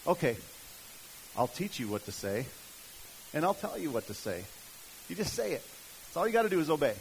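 A man's voice: fairly high pitch, big pitch swings, brisk, creaky, slight background noise, low-quality recording. A man doing a firm, patient divine voice. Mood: firm reassurance. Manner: firm, matter-of-fact, reassuring. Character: patient but firm divine male voice, commanding.

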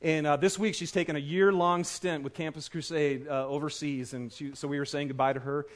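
Male pastor in his thirties, high voice, casual and enthusiastic delivery from the pulpit. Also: fairly even intonation, fairly quick. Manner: chatty and enthusiastic, many fillers. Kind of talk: casual sermon with family stories. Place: church auditorium.

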